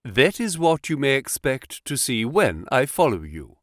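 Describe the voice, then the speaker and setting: A man reading an audiobook, voicing a calm, commanding detective who speaks in a crisp, precise, insistent way. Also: mid-range voice, measured pace, dry recording, studio quality. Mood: calm, assured. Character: cool, commanding male detective, calm and assured.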